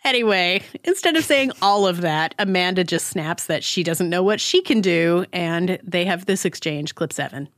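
A woman's voice: fairly low pitch, animated, moderate pace, hardly any pauses, dry recording, studio quality. A woman podcast co-host recapping a TV episode with wry, sarcastic asides. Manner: wry, sarcastic, laughs often.

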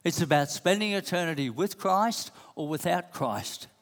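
A man's voice: high voice, lively intonation, moderate pace. A man preaching a sermon, pressing the same questions again and again with emphasis. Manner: emphatic, repeats rhetorical questions. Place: church hall. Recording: long hall reverb.

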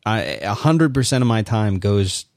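Earnest man, lively pitch, dry mic. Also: no room sound. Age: adult father. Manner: earnest, rueful, measured. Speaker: podcast co-host. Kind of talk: casual chat.

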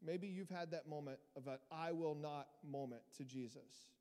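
A man preaching a sermon as pastor, lively and emphatic, rising to loud peaks as he presses his points to the congregation. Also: on the high side, moderate pace. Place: church hall. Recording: long hall reverb.

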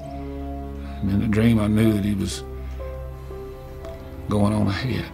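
An actor playing a weary older lawman, speaking slowly in a gravelly voice about a dream, in a film clip. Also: on the low side, flat delivery, exaggerated voice. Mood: wistful. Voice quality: gravelly, slow drawl. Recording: film clip with music behind.

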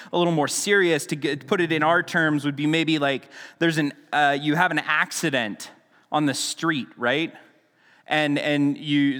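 A man's voice: on the high side, fairly bright tone, in a large hall. A man preaching a sermon in a casual, conversational teaching style, with frequent restarts and asides. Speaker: pastor.

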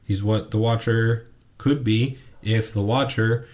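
Man, podcast co-host, lowish voice, ranting, casual chat. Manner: ranting, animated, quick asides.

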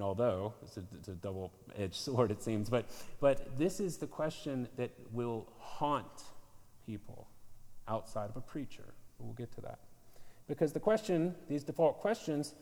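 Preacher man, booming hall. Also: expressive, normal speed, a little mellow. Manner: earnest, building to emphatic peaks, self-correcting asides. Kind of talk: sermon. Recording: long hall reverb.

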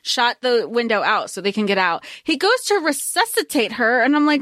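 A woman's voice: on the high side, animated, moderate pace, hardly any pauses, a bit bright, no room sound, clean studio sound. A young adult woman co-hosting a podcast, talking through a film in a conversational way. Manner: conversational, laughs between points. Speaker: podcast co-host. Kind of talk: casual film recap chat.

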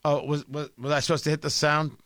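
A man's voice: fairly high pitch, little pitch movement, quick pace, a bit bright, no room sound. A man hosting a political commentary show, delivering an opinionated, sarcastic monologue with emphatic repetition.

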